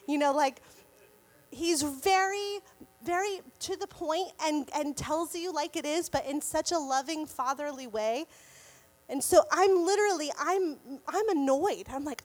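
A woman sharing a personal faith testimony in casual storytelling, animated and often laughing. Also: extremely high pitch. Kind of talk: casual Christian storytelling to viewers.

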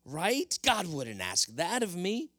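A man's voice: sits high, wildly swooping pitch, takes it slowly, pushed and bright, no room sound, clean studio sound, voice pushed up, exaggerated voice. A man voicing a whiny, self-justifying king in a sermon retelling, pleading and defensive. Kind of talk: sermon storytelling.

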